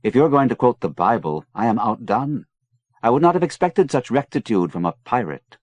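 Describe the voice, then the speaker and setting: A man's voice: medium pitch, sing-song, moderate pace, a little mellow, no echo, voice pushed up. A man reading an audiobook, voicing a suave male commander who talks coolly and with mocking courtesy. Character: suave Portuguese male commander, cool and cutting. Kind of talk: audiobook character voice.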